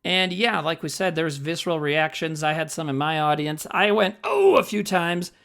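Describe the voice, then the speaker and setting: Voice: medium pitch, steady tone, moderate pace, a bit bright. A podcast co-host in casual movie chat, rambling and profane with lots of fillers and jokes.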